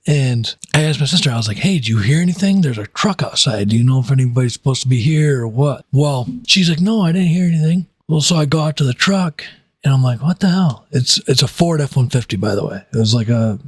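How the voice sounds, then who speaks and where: A young man in his twenties telling a casual storytime, rambling with many fillers and restarts. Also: no room sound. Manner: rambling, many fillers and restarts, voices quotes in a higher pitch.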